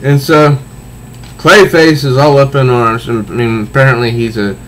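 A man's voice: mid-range voice, fairly even intonation, normal speed, a bit bright, a little hiss or hum, poor audio. A man casually reviewing a comic book, rambling with frequent restarts. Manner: rambling, many restarts, easygoing.

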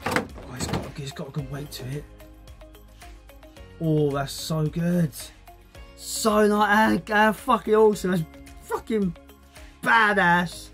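A young man unboxing a gift, excitable and swearing often, laughing as he talks. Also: sits high, takes it slowly, pauses often, faint music behind. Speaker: YouTuber. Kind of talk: casual unboxing vlog.

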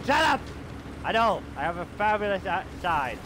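A young man streaming a game, chatting casually with a friend, excitable and swearing, with sudden outbursts when he feels under pressure. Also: high voice, normal speed, noisy background. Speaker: gaming streamer. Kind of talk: casual gaming banter.

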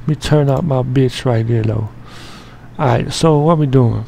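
A man's voice: mid-range voice, normal speed, creaky, mellow, a little hiss or hum. A man narrating an editing session in a casual, joking way, full of slang and swearing, and rambling as he works. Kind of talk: casual profane screen-recording commentary.

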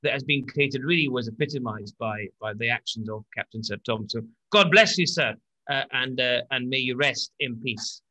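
A man co-hosts a relaxed podcast conversation. His voice is bright and forward, sitting at an ordinary pitch for a man. He talks in a halting way, doubling back over words and leaning on fillers. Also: low-quality recording. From British. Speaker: co-host. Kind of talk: casual podcast chat.

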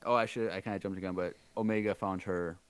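A man's voice: low-pitched, steady tone, fast, clear, resonant tone, no room sound. A man co-hosting a podcast from home, casually recapping an episode from his notes with lots of fillers and trailing asides. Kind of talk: casual chat.

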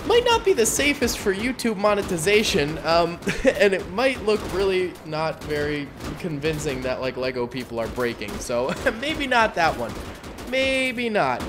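A man giving casual, excitable gameplay commentary on his gaming channel, exclaiming at big moments. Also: sits high, unhurried, noisy background. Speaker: gaming YouTuber. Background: faint game gunfire and music.

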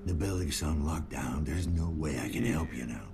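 An actor playing a gruff, hard-bitten male police detective who talks in a deep, gravelly voice and clipped, commanding lines. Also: moderate pace. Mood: tense, urgent. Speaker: detective in a horror game. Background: game music.

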